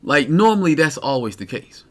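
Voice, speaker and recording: Man, high voice, wildly swinging pitch, cursing, exasperated game rant. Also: moderate pace. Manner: animated, incredulous, cursing. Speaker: streamer. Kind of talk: ranting game commentary.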